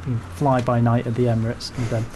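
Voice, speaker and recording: A man hosting a casual football podcast, rambling with jokes and quick asides. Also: mid-range voice, completely flat delivery, noisy background. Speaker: podcast host.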